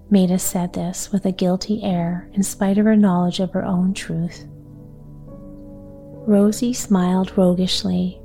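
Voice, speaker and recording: A woman reading a classic children's novel aloud as a calm bedtime story. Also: on the low side, measured pace, vocal fry, soft background music.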